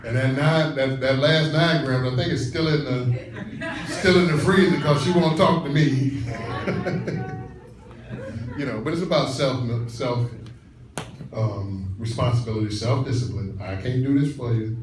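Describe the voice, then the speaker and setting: A man's voice: medium pitch, normal speed. Colloquial man telling stories to a crowd. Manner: colloquial, animated, laughs through his stories. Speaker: lecturer. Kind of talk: storytelling talk to an audience. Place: conference room. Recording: echoey room, far from mic, noisy.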